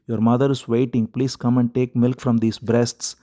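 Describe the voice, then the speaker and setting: A man's voice: mid-range voice, fairly even intonation, moderate pace, dark tone, natural voice. A man voicing a grief-stricken young queen in a scripture retelling, pleading and lamenting over her baby.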